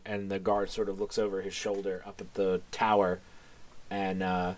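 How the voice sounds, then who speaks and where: A man's voice: fairly low pitch, fairly bright tone, no echo. A man narrating as game master of a tabletop game, loose and casual, with plenty of fillers and the odd curse.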